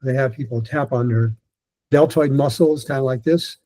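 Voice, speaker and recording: A man's voice: mid-range voice, normal speed, dark tone, poor audio. An older man teaching pronunciation in an online lesson, explaining step by step and stretching sounds to demonstrate.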